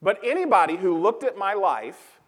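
Long hall reverb surrounds this male pastor's sermon, delivered in a high, sing-song, slightly bright voice at ordinary speed. He speaks loosely and conversationally, using many fillers and repeating key lines.

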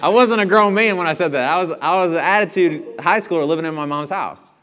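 A man's voice: a little high, fairly quick, fairly bright tone. Chatty young man preaching in a reverberant hall. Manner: chatty and self-deprecating, chuckles often. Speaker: church speaker. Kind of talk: casual sermon with stories. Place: church auditorium.

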